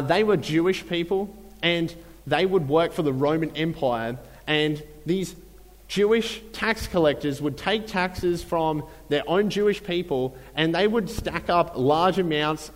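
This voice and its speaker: A man preaching a sermon in a relaxed, conversational way, with many fillers and repeated phrases. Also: fairly high pitch, big-room sound, rough recording. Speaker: pastor.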